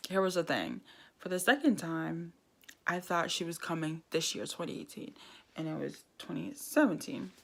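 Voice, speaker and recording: Gravelly-voiced young woman telling a story. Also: on the low side, moderate pace. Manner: animated storytelling, laughs often, acts out quoted dialogue. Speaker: vlogger. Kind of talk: casual storytime vlog.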